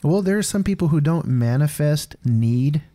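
A man's voice: fairly high pitch, lively intonation, normal speed, dark tone. A man hosting a faith conversation, thoughtful and supportive, sometimes searching for words. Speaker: podcast host. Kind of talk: casual conversation.

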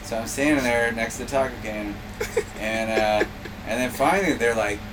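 A man's voice: medium pitch, moderate pace. A young adult man, a comedian, telling a funny story in casual chat, often breaking into laughter. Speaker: comedian guest. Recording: distant mic with clear noise.

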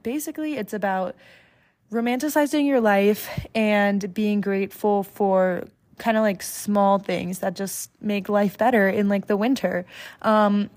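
A woman's voice: mid-range voice, darkish tone. A young woman from the United States hosting a solo podcast in a casual, chatty way, full of fillers and self-corrections. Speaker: podcast host.

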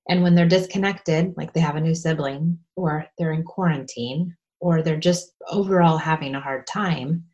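Woman, podcast co-host, calm explanatory manner, low-ish pitch, casual talk. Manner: calm and explanatory, advice-giving.

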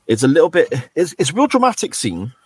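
A man co-hosting a podcast, talking casually and thoughtfully about an episode, often pausing mid-phrase. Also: a little high, wildly swooping pitch, darkish tone, slightly rough. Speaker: podcast co-host. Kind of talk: casual chat reviewing an episode.

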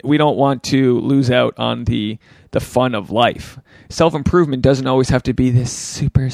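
A man hosting a solo podcast, rambling candidly and swearing freely as he thinks out loud, often restarting his sentences. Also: mid-range voice, gravelly, no echo, clean studio sound. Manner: self-reflective, often restarts thoughts. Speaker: podcast host.

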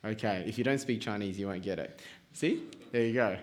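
A man preaching a sermon to his congregation in a relaxed, conversational way, joking and putting questions to the room. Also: on the low side, fairly quick. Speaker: pastor.

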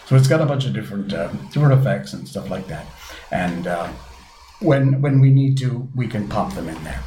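A man's voice: lowish voice, lively intonation, a little fast, mellow. A man hosting a casual live stream, chatting in a rambling, self-deprecating way, with a little reverb added to his voice. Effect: light added reverb. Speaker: livestream host. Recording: echoey room, faint hum.

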